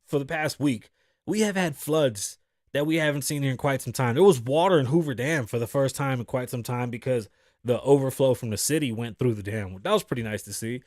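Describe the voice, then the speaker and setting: Profane, animated man hosting a monologue. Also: medium pitch, fairly quick, no room sound, studio quality. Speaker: podcast host. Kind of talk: casual monologue.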